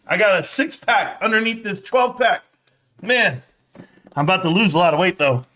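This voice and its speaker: A man's voice: sits high, animated, moderate pace, pushed and bright, a little hiss or hum. A middle-aged man hosting a casual live stream, brash and joking as he trash-talks, out of breath.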